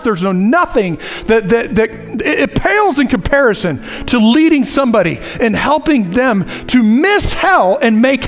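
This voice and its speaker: A man preaching a sermon in a conversational, animated way, acting out little asides as he goes. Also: very high-pitched.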